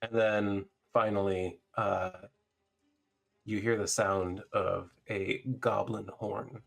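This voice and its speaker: This game master has a fairly low, creaky voice and takes his time. He describes the scene in an easygoing, hesitant way, with ums scattered throughout.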